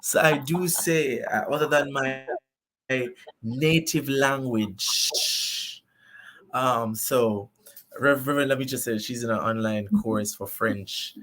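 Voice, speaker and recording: A man's voice: mid-range voice, slow pace, a little hiss or hum. Chatty Jamaican man, laughing a lot. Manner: animated, laughs often, many fillers. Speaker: guest. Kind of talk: casual interview chat.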